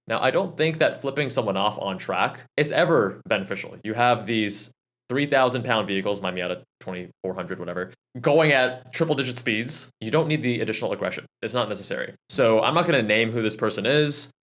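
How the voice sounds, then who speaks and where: A man narrating track-day footage, calmly breaking down his driving and drawing lessons step by step. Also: lowish voice, fairly quick. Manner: calm, analytical, explains driving lessons step by step. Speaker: channel host and track driver. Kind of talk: track-day video commentary. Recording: car engine noise behind the voice.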